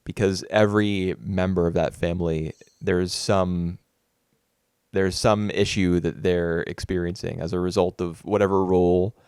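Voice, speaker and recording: A man's voice: deep voice, fairly even intonation, unhurried, a little mellow, clean tone, dry recording, clean studio sound. A man co-hosting a casual film podcast, thoughtful and rambling with many fillers and restarts. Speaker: podcast co-host. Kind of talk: casual film review chat.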